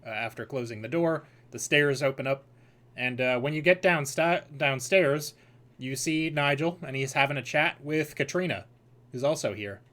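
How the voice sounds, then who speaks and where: A man's voice: mid-range voice, fairly bright tone. Man running a tabletop game. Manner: casual, halting, laughs often. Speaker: game master.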